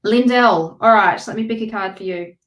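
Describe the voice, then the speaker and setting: A woman's voice: medium pitch, fairly even intonation, fast, fairly bright tone, roomy sound. A woman doing live tarot readings, chatting with viewers and giving emphatic advice. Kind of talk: casual live-stream reading.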